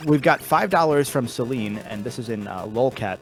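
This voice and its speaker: A man hosting a relaxed charity stream, reading out donation messages in a casual, chatty way. He trips over awkward wording now and then and laughs it off. Faint music plays under his voice. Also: mid-range voice, normal speed. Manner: reads donation messages aloud, stumbling and laughing. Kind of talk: casual chat.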